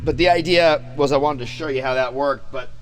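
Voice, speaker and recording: A man vlogging casually about his bass gear, loose and profane, joking and acting out his own reactions. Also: brisk. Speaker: vlogger and musician. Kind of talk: casual rambling vlog. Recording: music playing behind the voice.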